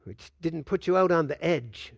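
An older man preaching a sermon as a pastor, swinging between loud and hushed delivery and acting out quoted dialogue. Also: on the high side, normal speed, creaky, no room sound, dull audio. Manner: acts out dialogue with God in quoted voices.

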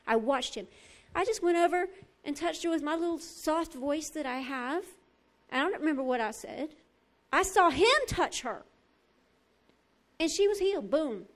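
A woman preaching a sermon, swinging between loud, emphatic bursts and soft, quiet asides. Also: extremely high pitch, lively intonation, measured pace.

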